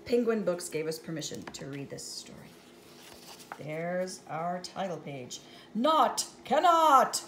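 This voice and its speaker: A woman's voice: low voice, unhurried, a little mellow, a little hiss or hum. A woman reading a picture book aloud to children, playful and chatty, laughing at the jokes as she goes.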